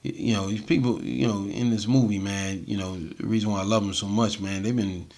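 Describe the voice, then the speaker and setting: A man with a deep voice, a music artist telling stories in a casual interview, laid-back and full of slang and fillers. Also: steady tone, a little fast, a little mellow. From USA. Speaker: interview guest, reggae and hip-hop artist.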